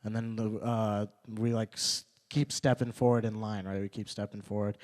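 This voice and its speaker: A young man performing a stand-up set at an open mic, repeating his punchlines and working up to loud, indignant rants. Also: fairly low pitch, flat delivery, normal speed. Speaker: stand-up comedian. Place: open mic comedy night venue.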